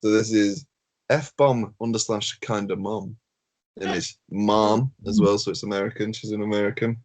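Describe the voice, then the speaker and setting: Laid-back man, lowish voice. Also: fairly even intonation, moderate pace, a little mellow. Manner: laid-back, laughs often, swears casually. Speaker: podcast co-host. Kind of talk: casual chat.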